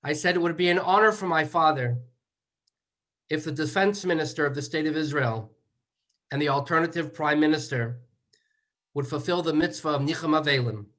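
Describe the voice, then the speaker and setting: A man giving measured remarks as a son at a memorial, moving through slow, deliberate lists. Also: on the high side, fairly bright tone. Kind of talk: eulogy remarks.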